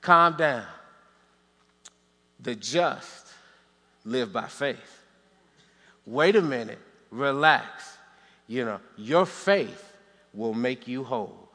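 A man preacher voicing God as a calm, reassuring deity in a lowered, soothing voice. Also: heavily acted. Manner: slow, soothing, deep. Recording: long reverb in a large hall.

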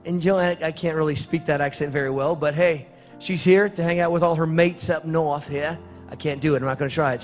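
A man giving church announcements and leading a prayer in a chatty, rambling way with joking asides. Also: on the high side. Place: church sanctuary. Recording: reverberant church hall with faint music.

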